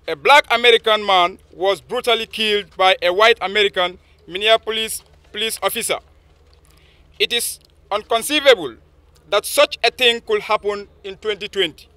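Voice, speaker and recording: A man's voice: high-pitched, sharp tone, no room sound. A man reading a formal protest statement aloud to a gathering, impassioned and declamatory.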